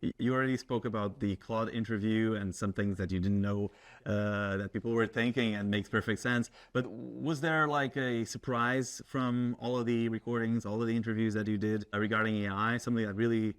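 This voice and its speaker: Measured man hosting a tech podcast. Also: lowish voice, steady tone. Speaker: podcast host. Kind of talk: interview questions.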